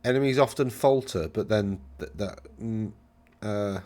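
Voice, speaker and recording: Male host, lower register, casual rambling rules chat, wry and dismissive. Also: unhurried, a little mellow. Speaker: channel host reviewing game rules.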